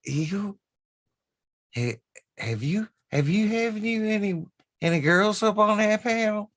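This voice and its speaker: A man putting on a high Southern woman's voice. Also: expressive, a little slow, fairly bright tone, exaggerated voice. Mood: insistent. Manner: pushy, stammering and high-pitched. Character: insistent Southern woman friend.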